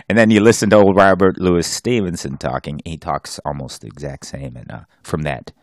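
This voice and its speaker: A very deep-voiced man co-hosting a casual podcast with a lively, swooping delivery. He jokes and laughs, breaking into growled pirate-speak, and the sound is dry and close. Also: moderate pace, few pauses, no echo. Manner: jokey, laughing, slips into growled pirate talk. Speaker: podcast co-host.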